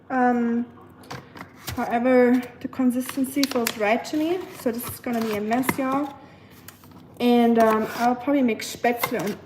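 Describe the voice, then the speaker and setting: A woman's voice: fairly high pitch, noisy background. A young woman with a German accent, a native German speaker, chatting casually with her livestream viewers while she cooks, answering them and searching for words. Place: home kitchen. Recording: echoey kitchen with clattering dishes.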